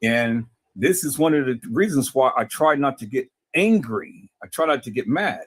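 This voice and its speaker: A man's voice: medium pitch, animated, normal speed, breathy edge, dry recording. A man talking to his viewers in a casual, preachy way, often stammering and repeating words. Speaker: video host.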